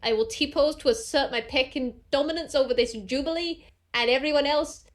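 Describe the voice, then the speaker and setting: A woman's voice: high voice, moderate pace, natural voice. A woman playing a brash, protective toon aunt in a tabletop role-play, talking in boisterous, playful threats. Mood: playfully menacing.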